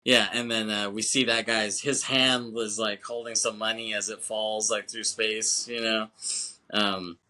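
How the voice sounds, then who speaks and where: A man's voice: on the low side, flat delivery, a little slow, bright, forceful tone. A man co-hosting a film podcast, talking in a loose, rambling casual way, with filler phrases and casual swearing. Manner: rambling, frequent "you know what I'm saying". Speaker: podcast co-host.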